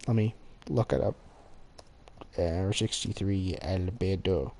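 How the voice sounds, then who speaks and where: A man's voice: low voice, slow pace, creaky, dark tone. A man hosting a gaming channel, giving rambling casual commentary with frequent self-corrections and giggly asides.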